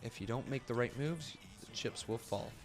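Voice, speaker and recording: Over soft background music, a man with a mid-range voice reacts casually to wrestling on a live stream at a moderate pace. He reads chat messages aloud and rambles, joking and laughing often.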